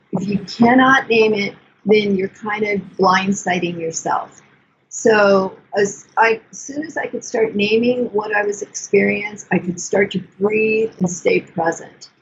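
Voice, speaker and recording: An older woman therapist explaining self-compassion in a calm, soothing conversational way, repeating key phrases. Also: medium pitch, creaky, dull audio, a little hiss or hum. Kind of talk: conversational teaching.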